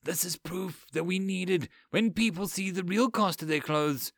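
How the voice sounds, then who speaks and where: A woman's voice: fairly low pitch, unhurried, dry recording, studio quality, voice pushed up. A man doing a snide, fierce young woman. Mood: indignant. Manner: sharp, demanding, accusing.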